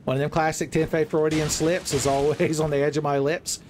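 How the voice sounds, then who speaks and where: A young man giving playful, joking commentary over his own gameplay, breaking into loud exclamations. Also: on the high side, flat delivery, brisk, a little hiss or hum. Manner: playful, jokey, swings into loud shouted exclamations. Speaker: gaming video creator.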